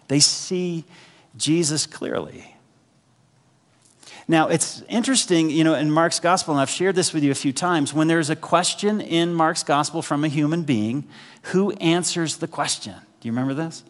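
Man preaching in a reverberant hall. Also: a little high. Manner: conversational preaching with frequent "right?" asides to the congregation. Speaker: pastor. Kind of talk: sermon.

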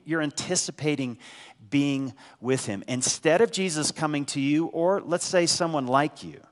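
In a large church sanctuary, a pastor nursing a head cold delivers his sermon conversationally, asking the congregation rhetorical questions. His voice is a little high and a bit bright.

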